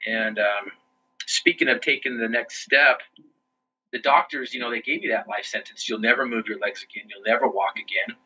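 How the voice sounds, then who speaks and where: Bright husky man telling his story. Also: mid-range voice, normal speed, lo-fi sound. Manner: earnest, with frequent restarts and "you know". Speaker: interview guest. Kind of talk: podcast interview storytelling.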